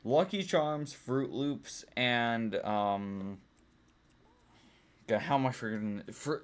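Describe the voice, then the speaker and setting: A young male vlogger casually talks through a tier-list ranking, rambling with many "um"s and restarts. His medium-pitched voice is clear and resonant, and he speaks slowly.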